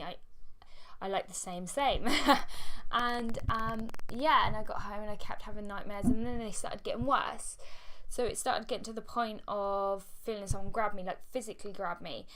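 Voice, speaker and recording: A young woman telling a personal story to camera in a candid, halting way. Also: medium pitch, a bit bright. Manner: candid, halting, with fillers and frequent laughs. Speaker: vlogger.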